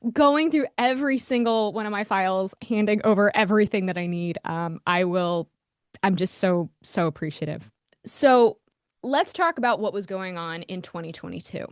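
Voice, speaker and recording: A woman's voice: medium pitch, normal speed, no echo. Woman podcaster, casual and fired up, blunt, dry close sound. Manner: heated, frank, swears, lots of "like". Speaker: podcast host. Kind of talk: casual monologue.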